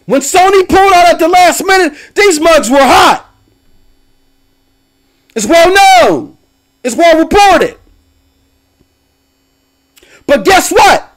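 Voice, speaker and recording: Young guy streamer going off about games, real high voice, shouty then mumbly, laughs a lot. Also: measured pace. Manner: loud, animated, laughs often, swings between shouting and mumbling. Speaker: game streamer and podcast host. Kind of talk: ranting live-stream commentary.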